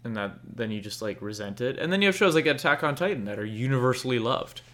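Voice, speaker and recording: A man's voice: mid-range voice, lively intonation, fast, fairly bright tone. Young guy cohosting a chill anime podcast, rambly and candid, drops the odd swear. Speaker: podcast co-host. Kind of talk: casual chat about anime.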